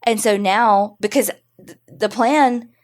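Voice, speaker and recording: A woman's voice: mid-range voice, slow pace, darkish tone. A woman co-hosting a podcast, telling a true-crime story casually, chatty and swearing freely. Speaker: podcast co-host.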